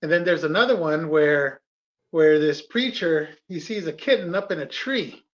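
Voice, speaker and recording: A man's voice: fairly high pitch, moderate pace, highs cut off. A man on a livestream panel, telling long rambling stories with many fillers and restarts. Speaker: guest panelist. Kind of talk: casual chat on a livestream.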